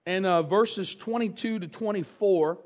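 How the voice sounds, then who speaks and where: High-pitched guy preaching a bible teaching, repeats stuff for emphasis, asks the room questions, kinda muffled lo-fi audio. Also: measured pace. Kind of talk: sermon teaching from scripture. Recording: slightly dull lo-fi recording.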